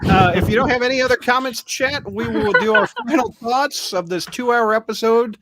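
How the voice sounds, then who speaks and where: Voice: medium pitch, moderate pace, heavy background noise. A podcast host recapping an episode in casual group chat, laughing often as they run through the list.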